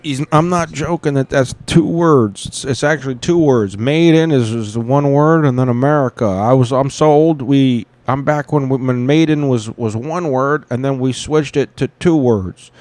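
A man's voice: medium pitch, normal speed, few pauses, a little mellow, no room sound. Rambling, profane podcast host man. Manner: rambling, profane, easily sidetracked. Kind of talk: casual profane commentary.

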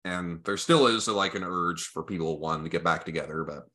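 A young man co-hosting a casual album review podcast, joking and animated as he talks through songs. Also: low voice, a little fast. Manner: animated, joking, reads lyrics aloud. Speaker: podcast co-host.

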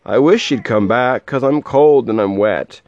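A man voicing a gentle, faithful male elephant in a storybook read aloud, speaking slowly and earnestly on a dry, dull lo-fi recording. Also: mid-range voice, no room sound, natural voice. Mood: patient.

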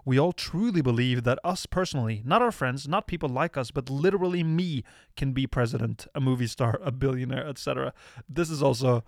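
A man's voice: mid-range voice, lively intonation, fairly quick, hardly any pauses, no echo, studio quality. Joking man reading listener comments. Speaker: podcast co-host. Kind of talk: casual podcast banter.

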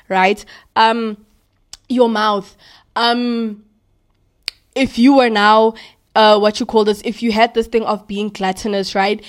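A young woman, hosting a casual Christian talk in a slangy, emphatic, conversational way. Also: medium pitch. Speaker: Christian podcast host.

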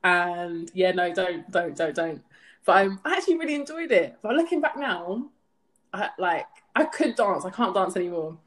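A woman's voice: lowish voice, moderate pace. Chatty young London woman co-hosting. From London, England. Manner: animated, laughs often, playful banter. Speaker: podcast co-host. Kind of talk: casual chat.

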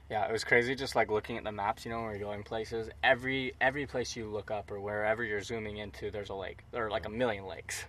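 A young man from Utah hosting a casual travel podcast, rambling excitedly with lots of fillers. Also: fairly low pitch, quick pace, few pauses, slight background noise. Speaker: podcast host.

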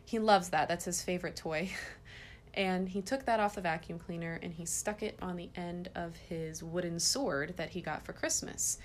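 A woman in her thirties hosting a parenting podcast, telling a story about her kids in an earnest, gentle way. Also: lowish voice, steady tone, normal speed, a little hiss or hum. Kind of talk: casual parenting podcast talk.

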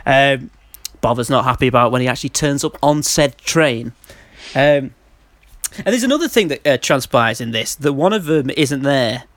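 A man's voice: mid-range voice, expressive, normal speed, no room sound. Laughing Mancunian man, dry close sound. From Manchester. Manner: laughing, rambling, mocking. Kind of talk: casual film review chat.

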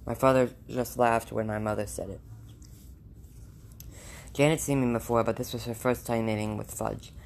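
A man's voice: medium pitch, steady tone, moderate pace, vocal fry, long pauses, a little hiss or hum. A man reading a children's novel aloud in a plain way, with small slips and restarts. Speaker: reader.

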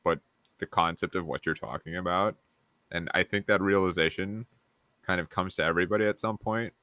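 A man's voice: sits low, a little fast, sharp tone, no room sound, studio quality. A man hosting a podcast, agreeable and encouraging as he asks open questions. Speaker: podcast host. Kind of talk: casual interviewing.

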